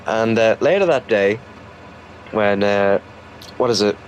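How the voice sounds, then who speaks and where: A man's voice: on the low side, expressive, slight background noise, low-quality recording. A young man casually telling a story from his school days, rambling with lots of fillers and restarts. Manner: rambling, halting, full of fillers.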